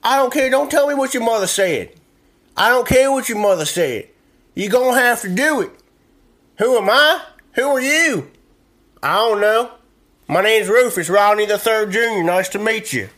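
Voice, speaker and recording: A man putting on a loud country dad. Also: sits high, animated, normal speed, pitched above the performer's own voice. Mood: bossy. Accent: American country. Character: rowdy, stubborn country dad, a grown man.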